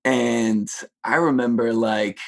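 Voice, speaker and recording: A man's voice: mid-range voice, steady tone, takes it slowly, vocal fry. Easygoing male guest from Connecticut. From Connecticut, USA. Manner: easygoing, laid-back storytelling with fillers. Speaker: guest, brand general manager. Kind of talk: casual interview chat.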